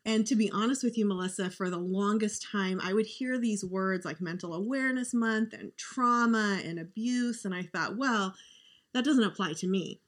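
A woman's voice: mid-range voice, normal speed, hardly any pauses. A woman guest on a podcast, telling a personal story in an earnest, heartfelt, conversational way.

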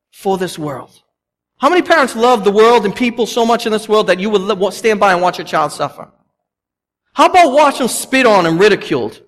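A man in his thirties, a pastor giving a conversational sermon, telling stories with lively, animated asides. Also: sits high. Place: church sanctuary. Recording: long church reverb, faint background noise.

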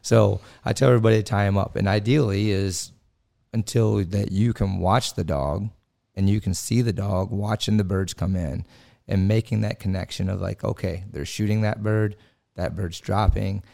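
A man's voice: lowish voice, fairly even intonation, normal speed, vocal fry, mellow. A man on a podcast as a guest dog trainer, explaining training in a plain, practical way. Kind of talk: casual podcast chat.

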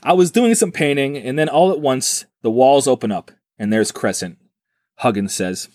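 A man's voice: medium pitch, moderate pace, darkish tone, no room sound, studio quality. A man hosting a podcast, retelling a strange story in casual, joking chat and acting out the quotes. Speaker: podcast host.

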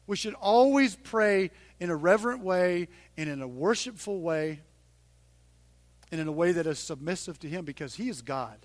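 High-pitched guy preaching a sermon, chatty, goes soft then loud. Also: moderate pace, no room sound. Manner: conversational, swings from hushed to loud and emphatic. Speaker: pastor.

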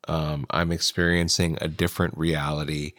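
A man's voice: very deep voice, flat delivery, moderate pace, a bit bright. A man co-hosting a casual podcast, talking in a loose, slangy and profane way. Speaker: podcast co-host. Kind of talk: casual chat.

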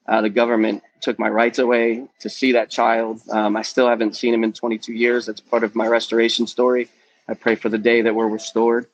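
A man's voice: mid-range voice, monotone, a little fast, no room sound, rough recording. Earnest man telling his testimony. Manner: earnest, candid, peppered with "um" and "man". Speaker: youth ministry guest. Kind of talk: personal testimony in a podcast interview.

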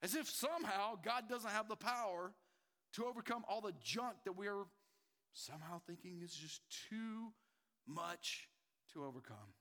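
Fiery, bright-voiced male pastor. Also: high voice, expressive, normal speed, long reverb tail. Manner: impassioned, swings between loud urgency and hushed emphasis. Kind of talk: sermon.

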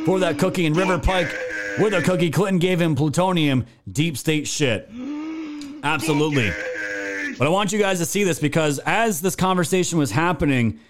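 A man hosting a political live stream, commenting and reading viewer chat in an indignant, emphatic and sometimes profane way. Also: on the high side. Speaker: political talk show host.

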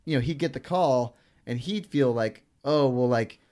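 A man spins a long personal story in a relaxed podcast chat. His voice sits at an everyday middle pitch. He rambles on, leans on "like" and acts out what people said, and curses freely along the way. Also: moderate pace. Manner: rambling, full of "like" and acted-out quotes; swears freely. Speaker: guest. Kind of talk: casual storytelling.

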